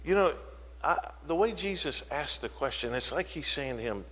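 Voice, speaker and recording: A man preaching a sermon in a church, telling a Bible story with animated, dramatic delivery and briefly voicing the people in it. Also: fairly high pitch, moderate pace, big-room sound. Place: church sanctuary.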